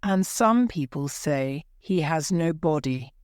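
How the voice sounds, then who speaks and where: A woman voicing a tired, calm male opera director who tries to settle his partner down, in a storybook reading. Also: sits low, slow, no echo, studio quality. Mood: weary. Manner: tired, placating.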